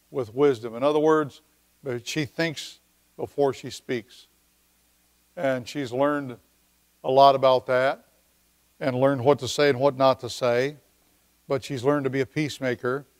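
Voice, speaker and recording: A man preaching a midweek church sermon, talking in a conversational way with pauses and slowing down to read scripture. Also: mid-range voice, fairly even intonation. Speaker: pastor. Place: church service.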